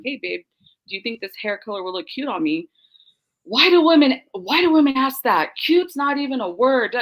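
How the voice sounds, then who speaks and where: A young woman in casual podcast chat, telling her story with animated quoted voices. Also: on the high side, poor audio. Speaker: guest.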